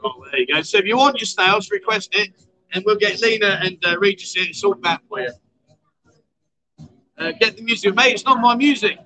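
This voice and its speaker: Speaking a little fast in a high, sharp voice, a man hosts a casual nighttime livestream chat show from a bar on a loud city street. He jokes around with his guest and reads viewer comments out loud, all captured in poor audio.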